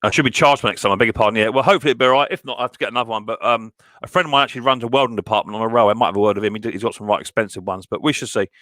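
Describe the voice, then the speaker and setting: A man's voice: lowish voice, rapid-fire, fairly bright tone, no room sound, studio quality. Chatty man greeting viewers. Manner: casual, many fillers, calls people mate and buddy boy. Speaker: mower channel host. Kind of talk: live stream chat with viewers.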